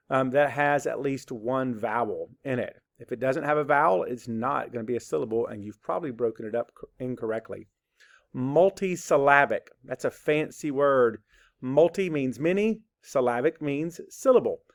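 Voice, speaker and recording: Patient teacher man talking to kids. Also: mid-range voice. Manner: patient, encouraging, talks directly to young viewers. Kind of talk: phonics lesson for children.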